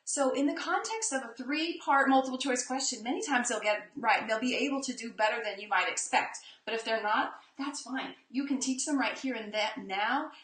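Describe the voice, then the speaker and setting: A woman leads a live online reading lesson, talking with energy and drawing out each letter sound. Her voice sits a bit high and sounds bright and forceful. The room around her is echoey. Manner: energetic, emphasizes sounds slowly. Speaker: reading teacher. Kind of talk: live online teaching demo.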